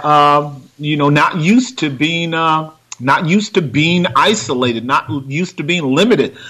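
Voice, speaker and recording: Pastor guy hosting a call-in show, kinda high voice, rambles a lot. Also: sharp tone. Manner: rambling, many fillers and restarts.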